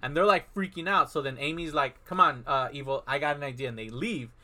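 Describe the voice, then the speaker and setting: Bright-voiced man retelling a film. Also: on the high side, a little fast. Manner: animated retelling, acts out characters' lines. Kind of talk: casual chat retelling a film plot.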